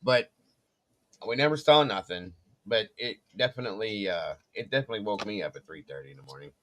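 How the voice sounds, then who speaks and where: A man with a low voice that swings widely as he talks, telling a casual story and acting out the people in it. He jumps up into quoted voices and then drops back down into relaxed chat. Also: a little fast, slight background noise. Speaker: co-host.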